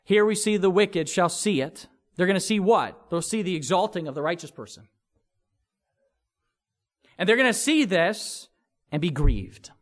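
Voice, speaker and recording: A man preaching a sermon in an earnest, expressive way, throwing in vivid sound words to make his points. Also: sits high, moderate pace, long pauses. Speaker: pastor.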